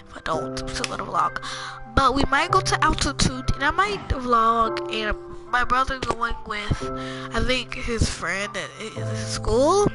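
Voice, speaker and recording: A young woman giving rambling, casual commentary to viewers while playing a game, often dropping to murmurs. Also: high-pitched. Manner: chatty, rambling, talks to viewers as "y'all". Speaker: gaming channel host. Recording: music playing behind voice.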